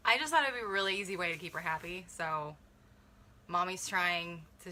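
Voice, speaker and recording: A woman's voice: fairly low pitch, fairly quick, sharp tone, a little hiss or hum. A young woman, a mother, chatting casually through a beauty kit unboxing, thinking aloud and correcting herself as she reads viewer comments.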